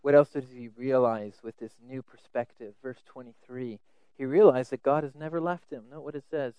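Earnest preacher with a smooth voice. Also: male voice, mid-range voice, steady tone, moderate pace, dry recording, low-quality recording. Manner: earnest, repeats words when emphasizing; swings between loud emphasis and soft asides. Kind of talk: sermon.

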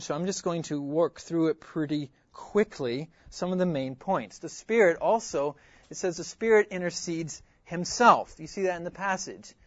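Earnest male preacher, high voice, drops to a hush for emphasis; dry, slightly muffled sound. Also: no room sound. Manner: earnest, repeats key phrases, swings from loud emphasis to hushed asides. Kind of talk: expository sermon.

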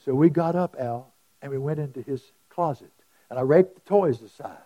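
Middle-aged male preacher, slightly high voice, storytelling sermon with sudden hushed asides. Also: normal speed, muffled recording. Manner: storytelling, shifts from loud emphasis to hushed asides.

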